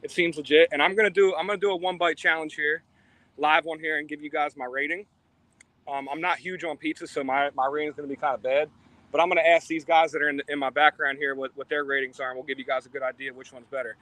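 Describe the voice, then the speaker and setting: A man's voice: on the high side, steady tone, quick pace, sharp tone, dry recording. A laid-back man chatting casually on a live show from a pizza shop, rambling and chuckling as he talks. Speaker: show regular joining from a pizza place.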